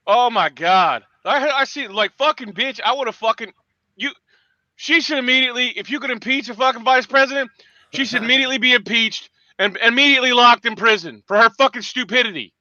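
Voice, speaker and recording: A man hosting a morning livestream, swearing through angry, shouting tirades. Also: very high-pitched, fairly quick, dry recording, lo-fi sound. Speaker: host. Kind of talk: profane morning livestream rant.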